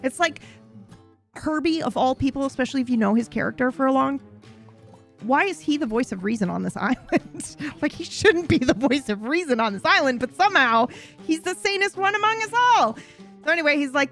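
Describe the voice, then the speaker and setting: High-voiced chatty woman recapping a story. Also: animated, brisk, fairly bright tone, soft background music. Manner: chatty, profane, self-interrupting. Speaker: streamer recapping a roleplay story.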